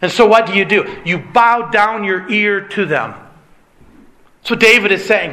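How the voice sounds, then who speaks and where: Male preacher, high bright tone, insistent questioning sermon delivery. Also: animated, a little slow. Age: adult with a young child. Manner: emphatic preaching with repeated rhetorical questions. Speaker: pastor.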